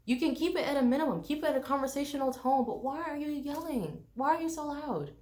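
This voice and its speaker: Young woman from the US, travel vlogger, casual rant, blunt, swears a lot, fairly high voice. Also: expressive, fast, a little mellow. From United States. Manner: blunt and exasperated, swears freely, mocks others with put-on voices. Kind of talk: casual ranting vlog.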